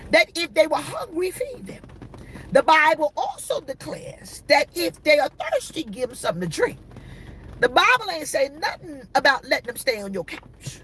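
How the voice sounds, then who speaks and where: A high-voiced woman preacher, shouting and repeating herself in a fiery sermon. Her tone is bright and her pitch leaps widely. A faint hiss sits under the recording. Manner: shouting, repetitive, call-and-response.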